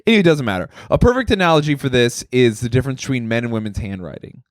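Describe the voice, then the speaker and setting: A man's voice: mid-range voice, very fast, dry recording, studio quality. A man in his thirties co-hosting a comedy podcast, chatting casually with frequent swearing and laughter. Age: 30s. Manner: animated, profane, laughs often. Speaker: podcast co-host.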